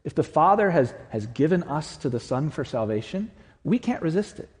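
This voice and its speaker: A man preaching a sermon in a church, earnest and swinging from loud emphasis to hushed, quiet lines. His voice is mellow and dark. It rings out with the long reverb of a big hall. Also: on the high side, sing-song, normal speed. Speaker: pastor. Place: church sanctuary.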